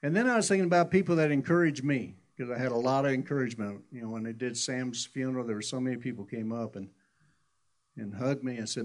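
A man's voice: mid-range voice, fast. A middle-aged man preaching a sermon in a conversational, folksy storytelling way, often restarting his sentences. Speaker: pastor.

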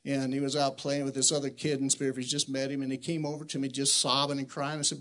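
A middle-aged man preaching a sermon, earnest and emotional, restarting sentences and quoting Scripture, shifting from quiet reflection to loud exhortation. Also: level tone, quick pace, few pauses. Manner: swings between soft reflective lows and loud exhortation.

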